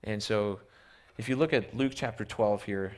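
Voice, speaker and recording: Using slides in a church, a missionary preacher speaks at normal speed in a lowish voice. He frequently repeats words while restarting and throws rhetorical questions at the audience.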